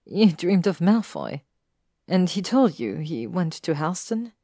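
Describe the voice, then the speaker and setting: A woman voicing a skeptical, gently teasing young woman in a read-aloud audiobook story. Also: lowish voice, big pitch swings, a little slow, no room sound, studio quality. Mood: doubtful. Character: young woman, doubtful and wry. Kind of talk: audiobook reading of fan fiction.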